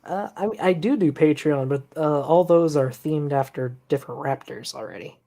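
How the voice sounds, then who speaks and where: A man hosting a casual reaction stream, calmly explaining science points to his audience. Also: on the high side, moderate pace, creaky. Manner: relaxed, explanatory, sighs and laughs at the clip. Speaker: stream host.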